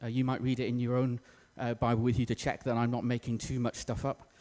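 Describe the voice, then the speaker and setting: A man's voice: medium pitch, monotone, fast talker, dark tone. A man preaching a sermon in a church, casual and self-deprecating with plenty of fillers. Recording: echoey church hall.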